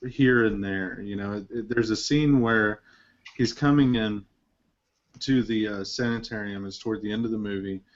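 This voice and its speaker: A man's voice: on the low side, normal speed. A man hosting a casual film discussion, rambling with lots of fillers and restarts. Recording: dull lo-fi recording.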